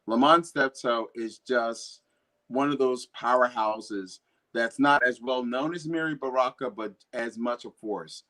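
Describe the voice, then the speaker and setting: A man's voice: medium pitch, measured pace, pushed and bright. A man, a poet appearing as a guest, talking earnestly and with animation in a casual conversation.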